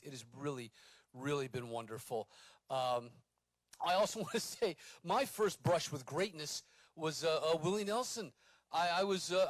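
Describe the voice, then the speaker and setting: A middle-aged man from Texas hosts an awards night, making up his speech as he goes, with plenty of fillers and jokes at his own expense. His voice sits a little high for a man. The sound is close and dry. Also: no room sound. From Corpus Christi, Texas. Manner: rambling, self-deprecating, lots of uh fillers. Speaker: awards ceremony host. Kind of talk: unscripted ceremony speech. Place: awards ceremony venue.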